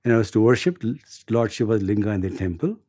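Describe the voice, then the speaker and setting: A man in his sixties with an Indian accent, telling a story in an interview in a halting way, repeating words and chuckling. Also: lowish voice, lively intonation, dark tone, no room sound, studio quality. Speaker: interview guest.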